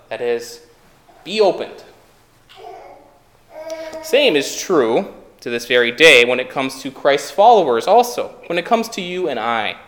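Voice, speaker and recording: A man's voice: a little high, roomy sound. A man preaching a sermon in a conversational way, asking the listeners rhetorical questions.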